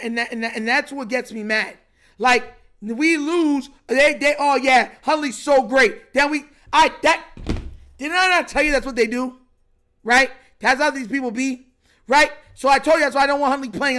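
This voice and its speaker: Here a young livestream host, very high-pitched and fairly quick, keeps a fairly even intonation with a bright, forceful tone. Frustrated over a football game, he rants casually, repeating himself, using slang, and dropping "bro" again and again.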